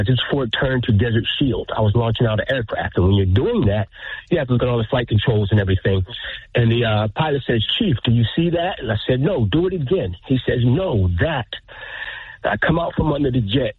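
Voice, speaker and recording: A man in his fifties speaks over a narrow, phone-like line, his voice slightly husky. He tells his story haltingly, pausing as if fighting back emotion. The sound is dry and close. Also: medium pitch, no echo. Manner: halting, pauses to steady himself. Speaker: caller.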